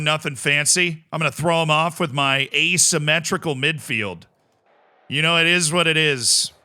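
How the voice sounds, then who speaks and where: A man streaming a video game live, chatting casually, reading chat aloud and breaking into excited shouts. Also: on the high side, clean tone. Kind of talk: casual live-stream commentary while playing.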